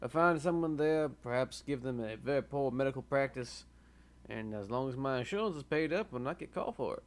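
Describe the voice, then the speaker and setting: A man playing a dry-witted male doctor in a tabletop game, speaking in a formal, deadpan way. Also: medium pitch, a little fast, natural voice. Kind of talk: tabletop role-play in character.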